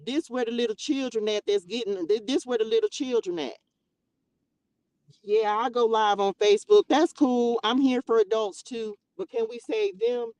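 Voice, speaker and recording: A woman hosting a livestream, preaching in an emphatic, animated way, laughing often and firing off rhetorical questions. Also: fairly high pitch, normal speed, dry recording. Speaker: livestream host. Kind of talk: passionate preaching rant on a livestream.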